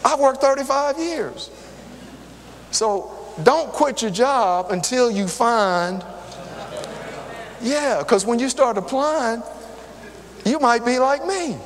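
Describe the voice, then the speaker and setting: A man's voice: high voice, slow pace, pauses often. An older man preaching a sermon, telling personal stories and talking straight to the congregation. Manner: lively, conversational, talks straight to the crowd. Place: church hall. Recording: long hall reverb.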